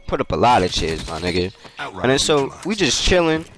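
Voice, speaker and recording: A man's voice: mid-range voice, big pitch swings, moderate pace. A young man telling a story in a loose, slangy way while playing a game, laughing often. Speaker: gaming YouTuber. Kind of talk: casual storytelling over gameplay. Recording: game gunfire noise behind voice. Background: video game gunfire and clicks.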